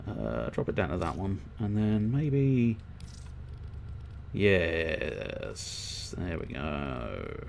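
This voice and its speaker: A man's voice: deep voice, big pitch swings, extremely slow, creaky, pauses often, a little mellow, a little hiss or hum. A man streaming a video game who rambles and swears as he thinks aloud while customizing his gear. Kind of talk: casual let's-play commentary.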